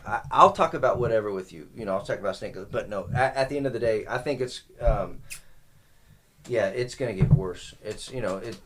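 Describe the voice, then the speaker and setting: A man's voice: lowish voice, brisk, a little hiss or hum. A man hosting a podcast in casual, profane chat, rambling and stumbling over his words. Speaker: podcast host.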